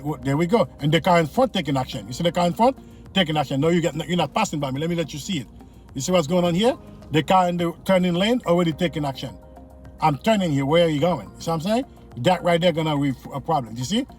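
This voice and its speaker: Man coaching from the driver's seat. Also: a little high. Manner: repetitive, coaching, speaks straight to viewers. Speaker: driving instructor. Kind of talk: casual in-car driving lesson commentary. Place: inside a car in city traffic.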